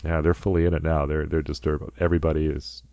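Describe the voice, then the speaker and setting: A man's voice: a bass voice, little pitch movement, fast, vocal fry, warm tone, no echo. A man co-hosting a casual podcast, talking through a film scene and acting out quotes in goofy voices. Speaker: podcast co-host.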